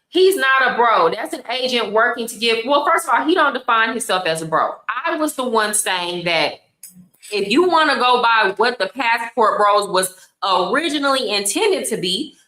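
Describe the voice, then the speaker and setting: Blunt, exasperated woman with a bright voice. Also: high-pitched, echoey room, rough recording. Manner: blunt, exasperated, repeats points for emphasis. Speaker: commentary host. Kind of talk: casual commentary.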